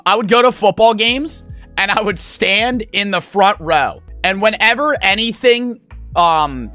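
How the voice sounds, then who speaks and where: Animated, high-voiced young man rambling. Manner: rambling, profane, full of fillers. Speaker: streamer. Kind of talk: casual storytelling to stream chat.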